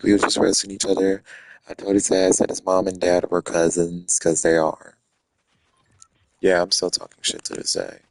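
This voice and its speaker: Husky low-voiced guy ranting casually. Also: low-quality recording. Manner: profane, rambling, animated. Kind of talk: casual storytelling rant.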